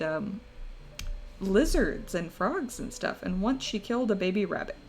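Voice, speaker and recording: A woman's voice: medium pitch, sing-song, unhurried, a little hiss or hum. A young woman streaming live, chatting casually and rambling through stories, often breaking into laughter. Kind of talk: casual chat to a live audience.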